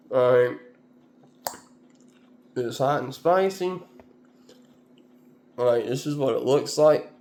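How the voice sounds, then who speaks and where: Man, casual vlog chat, slow, gravelly fry, mid pitch, rambling, laid-back. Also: a little mellow. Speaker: vlogger.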